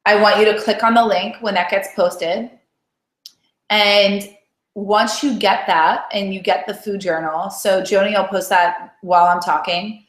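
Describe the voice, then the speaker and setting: A woman's voice: medium pitch, fairly even intonation, a little slow. Chatty woman coaching in an echoey room. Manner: chatty, encouraging, keeps asking "right?". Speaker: weight-loss coach. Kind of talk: motivational live coaching call. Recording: roomy echo.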